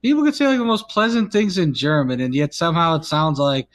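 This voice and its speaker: A goofy man riffing on a casual radio talk show, slipping into mock sportscaster bits between his laughs. His voice sits a bit higher than most men's. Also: lively intonation, fairly quick, no room sound. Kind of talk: joking banter.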